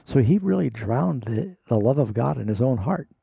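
Gravelly-voiced pastor answering callers. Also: male voice, medium pitch, expressive, moderate pace, mellow, dry recording, lo-fi sound. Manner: explanatory, reads scripture aloud with emphasis. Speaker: radio Bible call-in host, pastor. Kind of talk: call-in radio Bible answers.

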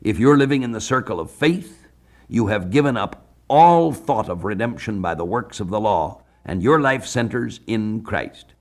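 A man from the United States preaching a sermon on a Bible passage, measured, slowing down to read scripture aloud. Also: on the low side, animated, a little mellow. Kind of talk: radio sermon, Bible exposition.

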